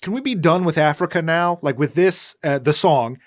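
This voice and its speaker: A man's voice: fairly high pitch, moderate pace, dry recording, studio quality. A man co-hosting a podcast, recapping a movie in casual chat with a sarcastic, ranting manner. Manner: sarcastic, ranting, puts on silly voices. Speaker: podcast co-host.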